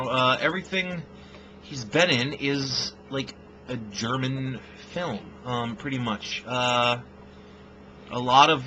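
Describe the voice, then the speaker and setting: A man reviews a film in a casual, rambling way, swearing freely and stumbling over fillers. His voice sits a little high and sounds bright and forward. A faint hiss of background noise runs under the recording. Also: rough recording. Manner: blunt, profane, rambling with fillers.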